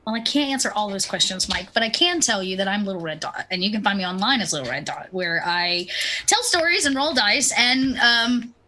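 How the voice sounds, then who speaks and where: A woman's voice: medium pitch, lively intonation, brisk, bright, forceful tone, slight background noise. A woman game master chatting playfully on a stream outro, with many fillers and hesitations. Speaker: game master, guest player. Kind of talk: casual stream outro chat.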